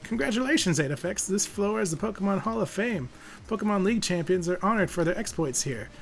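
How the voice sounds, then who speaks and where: A man voicing an elderly male professor, proud and grandfatherly, with a slow, sing-song delivery. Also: high-pitched, animated, gravelly, soft background music, voice pushed up. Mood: solemn.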